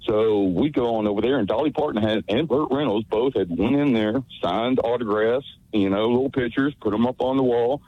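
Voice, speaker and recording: A man's voice: mid-range voice, a little fast, a little hiss or hum. A man calling in to a radio show, telling a rambling, folksy story from his childhood. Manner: rambling, folksy, full of restarts. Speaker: caller. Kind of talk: phone-in storytelling. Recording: tinny phone line.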